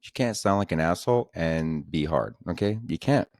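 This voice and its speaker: Young male podcast host, very low, crude sarcastic rambler, dry room. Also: lively intonation, normal speed, a little mellow, no room sound. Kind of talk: solo comedy podcast rant.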